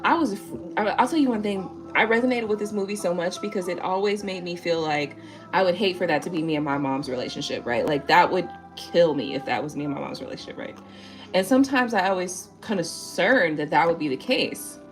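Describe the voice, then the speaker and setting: A woman's voice: lowish voice, brisk, soft background music. Rambling, swearing woman tarot reader. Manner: rambling, tag questions, frequent swearing. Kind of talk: live-stream chat, reading viewer comments.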